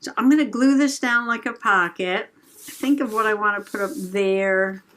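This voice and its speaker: A middle-aged American woman hosts a journaling channel video, chatting casually and giggling while she crafts in a chatty, slow, rambling manner. Her voice is mid-range and fairly bright.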